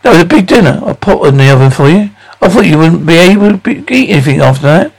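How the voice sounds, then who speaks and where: A woman's voice: lowish voice, sing-song, fast talker, a little mellow, husky, exaggerated voice. An actress playing a mild, put-upon middle-aged wife and mother, who explains herself plaintively.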